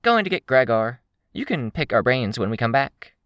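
A man voicing Shamrock, a breezy, offhand young woman in an audiobook, raised high. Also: big pitch swings, moderate pace, no room sound, muffled recording, natural voice. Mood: airy.

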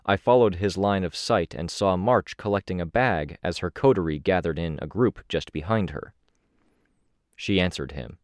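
A man narrating an audiobook in the first person, with a steady, measured delivery. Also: low-pitched, no echo, clean studio sound.

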